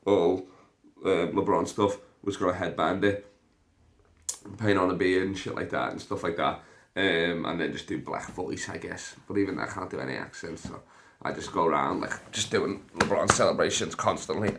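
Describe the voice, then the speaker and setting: Young man, low voice, rambling sweary podcast host. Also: normal speed, vocal fry, a bit bright. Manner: sweary, laughs often, jumps between topics. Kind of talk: rambling casual chat.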